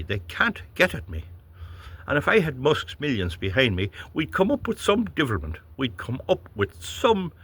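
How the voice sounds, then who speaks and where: A low, husky Irish man rants in a blunt, rambling monologue. His pitch swings widely as he talks. He stumbles over his words and chuckles between points. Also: fairly bright tone. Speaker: vlogger. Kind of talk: ranting political monologue.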